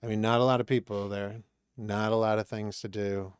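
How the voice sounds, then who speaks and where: Man from Maine telling lively stories. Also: on the low side, brisk, clear, resonant tone, no echo, clean studio sound. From Maine, USA. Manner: animated storytelling, acts out quoted exchanges. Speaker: podcast guest, comedian. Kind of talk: casual chat.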